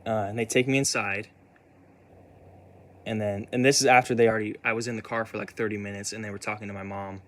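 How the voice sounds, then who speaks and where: Halting, upset young man telling a story. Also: fairly low pitch, flat delivery. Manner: halting, many restarts and repeats, upset, swears. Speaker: vlogger. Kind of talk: casual personal storytelling.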